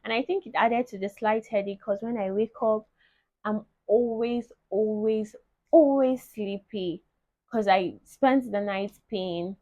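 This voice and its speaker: A woman's voice: mid-range voice, unhurried, no echo, narrow, tinny audio. A young woman, chatting animatedly to her viewers in a casual vlog. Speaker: vlogger. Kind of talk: casual chat to camera.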